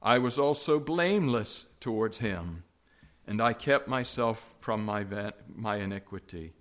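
A male preacher giving a sermon and reading scripture aloud, measured and halting, with frequent fillers. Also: fairly low pitch, expressive, a bit bright.

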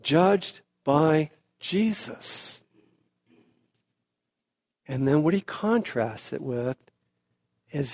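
A man preaching an expository sermon, slow and emphatic, building to loud, high peaks and then dropping back quiet. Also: lively intonation.

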